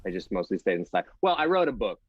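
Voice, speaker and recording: A man in his twenties doing a stand-up set with a deadpan, throwaway delivery. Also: lowish voice, fast, highs cut off, a little hiss or hum. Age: 20s. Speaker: stand-up comedian.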